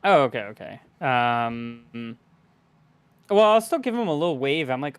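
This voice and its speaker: A man's voice: medium pitch, sing-song, measured pace, clear, resonant tone. Hesitant, rambling man player. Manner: hesitant, rambling, laughs often. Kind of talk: casual tabletop game play.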